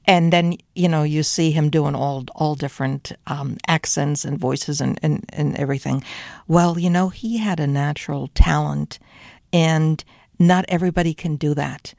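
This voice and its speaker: An older woman from Germany with a slight German accent, hosting a radio show in a studio and chatting in an animated, rambling way full of fillers. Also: low-pitched, normal speed, gravelly, no echo. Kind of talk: casual radio chat.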